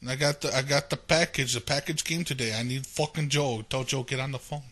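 A man's voice: mid-range voice, fairly even intonation, brisk, a bit bright. A young man making a crude prank phone call, taunting and provoking the person on the line. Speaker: prank caller.

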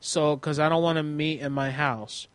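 A man's voice: a little high, fairly even intonation, slight background noise, natural voice. A man playing a naive twelve-year-old boy. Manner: halting, childlike, repeats himself. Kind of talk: prank phone call.

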